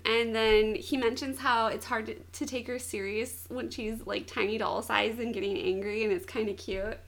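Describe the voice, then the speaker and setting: Brief: young woman co-host, high voice with vocal fry, giggly storyteller in casual chat. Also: steady tone, moderate pace, hardly any pauses. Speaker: podcast co-host. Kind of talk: casual chat, retelling a manga.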